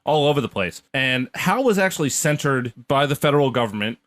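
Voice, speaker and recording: A man's voice: medium pitch, expressive, brisk, a bit bright. A man co-hosting a comedy podcast, telling a history story in a blunt, mocking way with filler words. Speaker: podcast co-host.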